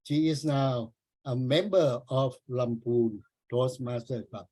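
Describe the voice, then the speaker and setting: A man's voice: medium pitch, slow, dark tone, breathy edge, poor audio. A man hosting an online club meeting on a video call, formally introducing the next speaker in an announcing manner.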